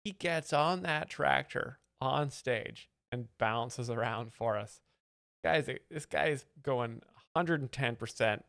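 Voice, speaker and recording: Gravelly man explaining jokes deadpan. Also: mid-range voice, slow pace, no echo. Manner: dry, faux-serious explaining, reads donations. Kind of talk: deadpan mock-expert commentary.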